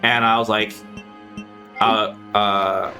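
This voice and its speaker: A man's voice: fairly low pitch, little pitch movement, takes it slowly, sharp tone, faint music behind. A man streaming a game, chatting casually and rambling to his viewers and swearing freely. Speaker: gaming streamer. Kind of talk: casual chat while playing a game.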